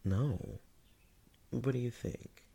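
A man whispers his way through a role-play as a mocking, dominant male creature, not human, breathing out taunts and chuckling a lot. It's a full character voice at medium pitch, mellow and slow.

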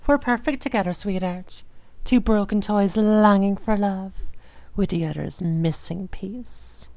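A woman's voice: mid-range voice, no room sound, close to an everyday voice. A woman playing a possessive, unstable mistress. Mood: possessive, crooning. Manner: soft, slow, murmuring, teasing delivery. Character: obsessive, possessive dominant woman captor, unstable. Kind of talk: audio role-play.

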